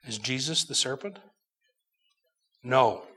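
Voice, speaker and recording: A middle-aged man preaching a sermon, teaching from scripture slowly and emphatically, swinging between loud bursts and quiet asides. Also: mid-range voice, breathy edge.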